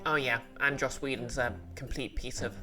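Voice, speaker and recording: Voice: mid-range voice, steady tone, moderate pace, music in the background. A streamer playing a game and chatting with viewers in a rambling, casual way, full of fillers and restarts. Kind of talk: casual game livestream chat.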